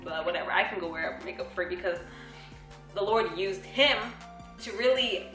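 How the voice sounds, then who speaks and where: A woman's voice: lowish voice, moderate pace, music in the background. Bubbly young woman in an echoey room. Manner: bubbly, laughs often, acts out quoted dialogue. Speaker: vlog co-host. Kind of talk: casual storytelling to camera.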